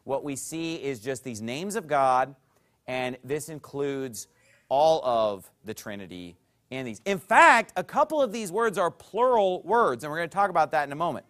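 Man, pastor, sermon, higher voice, lively rises and falls, emphatic teaching, frequent check-ins. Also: normal speed. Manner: emphatic swings between loud and soft.

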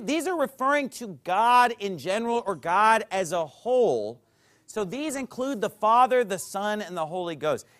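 A man with a fairly high, very animated voice preaches a teaching sermon in a church. He leans hard on key words, then drops to quiet asides, checking in with his listeners again and again. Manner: teaching with a chart, frequent "okay?" check-ins; emphatic swings between loud and soft. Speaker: pastor.

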